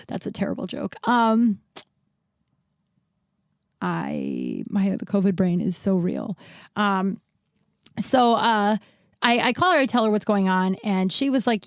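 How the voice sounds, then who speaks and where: A woman's voice: medium pitch, no room sound. A woman hosting a podcast, telling a long personal story in a chatty way, swearing now and then and acting out the people she quotes, sounding a little winded while recovering from illness. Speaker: podcast host. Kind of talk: casual storytelling monologue.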